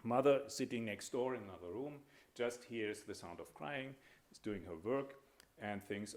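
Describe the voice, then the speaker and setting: A man with a somewhat low-pitched voice delivers an academic lecture as a panel speaker. He talks in a measured, hesitant way, pausing often and filling the gaps as he builds each point. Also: a little mellow. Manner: measured, hesitant, with frequent pauses and fillers.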